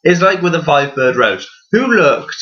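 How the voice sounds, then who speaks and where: A man's voice: fairly high pitch, big pitch swings, a little slow, sharp tone. A man vlogging in a casual rambling monologue. He swears freely and often laughs at his own jokes. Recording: dull lo-fi recording.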